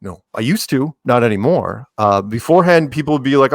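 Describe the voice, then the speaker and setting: A man guest on a podcast, talking casually in an animated, joking way, with quick asides and frequent restarts. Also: mid-range voice, no room sound, clean studio sound.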